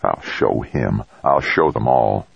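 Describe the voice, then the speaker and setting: A man's voice: rumbling low, takes it slowly, vocal fry, dry recording, pitched below the performer's own voice, heavily acted. A man reading an audiobook, voicing a resentful, driven young explorer who talks bitterly. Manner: bitter, determined. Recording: dull dry lo-fi recording.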